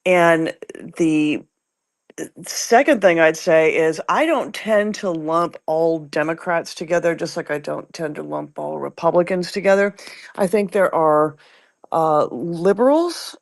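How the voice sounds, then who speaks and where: A woman taking part in an online audio chat, speaking in a measured way with many hesitant fillers. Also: low voice, vocal fry. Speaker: participant in an audio chat room. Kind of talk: casual discussion.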